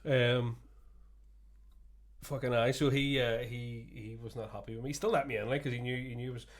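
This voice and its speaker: A man's voice: medium pitch, steady tone, fairly quick. Sweary laughing man. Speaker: podcast co-host. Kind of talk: casual chat.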